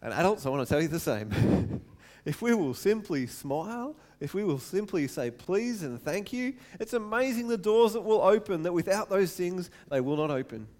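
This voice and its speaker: A man in his thirties preaching a sermon to his church, animated and repeating words for emphasis. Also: high voice, moderate pace. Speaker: pastor. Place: church hall.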